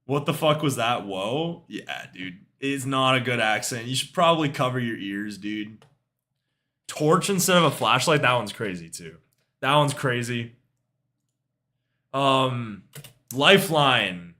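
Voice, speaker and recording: A man's voice: medium pitch, lively intonation, measured pace, bright, forceful tone. A young man streaming music reviews in casual chat, laid-back, swearing freely and trailing off with shrugging asides.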